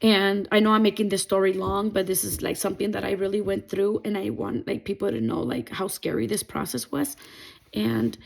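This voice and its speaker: A woman's voice: medium pitch, brisk, gravelly. A young adult woman sharing a personal faith testimony in an earnest, rambling way, full of fillers. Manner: emotional, earnest. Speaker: testimony vlogger.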